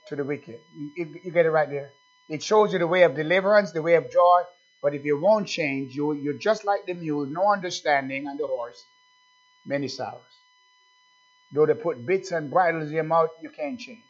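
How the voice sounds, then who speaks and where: Man, preacher, sermon, fairly high pitch, husky voice, dull lo-fi recording. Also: normal speed. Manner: emphatic, repetitive, calls out to congregation.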